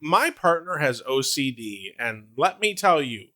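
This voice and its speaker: A man co-hosting a podcast, recapping a TV episode in animated casual chat, laughing often and swearing. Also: mid-range voice, unhurried. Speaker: podcast co-host.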